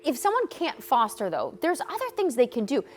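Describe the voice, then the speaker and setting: A woman's voice: high voice, wildly swooping pitch, brisk, a little hiss or hum. Bubbly woman TV news host. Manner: bubbly, gushing over dogs. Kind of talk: morning TV interview.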